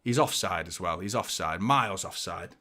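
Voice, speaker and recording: A man hosting a live football watchalong, giving fan commentary and chatting to viewers, excitable and prone to swearing. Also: low-pitched, moderate pace. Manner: chatty, addresses viewers as mate. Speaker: watchalong host. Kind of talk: live match commentary and chat.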